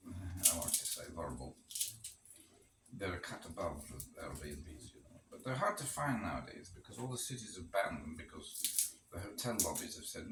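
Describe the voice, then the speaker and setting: A man's voice: deep voice, animated, normal speed. A man chatting casually while cooking in a rental kitchen, rambling with wry asides. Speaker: cooking vlogger. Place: kitchen with gas stove in a rental. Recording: roomy, distant mic, noisy background. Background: pot boiling on the stove.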